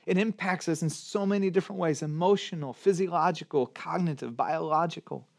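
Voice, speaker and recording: As a pastor delivering a sermon, a man speaks briskly and emphatically, animated, using rhetorical questions and abrupt bursts of emphasis. His voice is fairly high and creaky.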